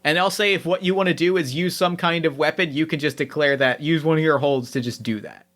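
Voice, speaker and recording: A man narrating a tabletop game as game master, animated, often repeating himself mid-sentence. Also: fairly high pitch, fairly quick.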